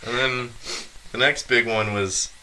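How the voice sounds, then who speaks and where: A man's voice: medium pitch, steady tone, a little slow, noisy background. A young man casually telling a funny story, laughing often as he goes. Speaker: podcast guest storyteller. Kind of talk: casual chat.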